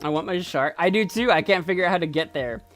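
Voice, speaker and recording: A man streaming a game, chatting playfully and excitedly as he thinks aloud. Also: fairly high pitch, fast talker, faint music behind. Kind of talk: casual gameplay commentary.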